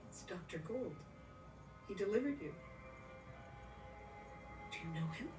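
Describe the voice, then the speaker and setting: An actress playing an uneasy woman in a TV drama, speaking in hushed questions. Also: mid-range voice, animated, measured pace, music in the background, natural voice.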